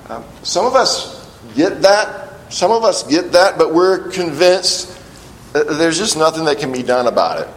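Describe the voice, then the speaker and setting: Earnest preacher guy, kinda high voice, repeats himself, echoey room. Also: lively intonation, normal speed, a little hiss or hum. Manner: earnest, repeats key phrases. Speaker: pastor. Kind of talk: sermon.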